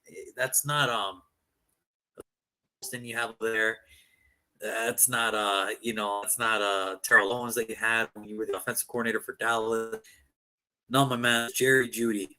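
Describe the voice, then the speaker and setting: A man co-hosting a sports talk show, joking in a casual, animated way and often acting out what people said. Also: on the low side, moderate pace, pauses often. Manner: animated, joking, mock-quoting people, repetitive.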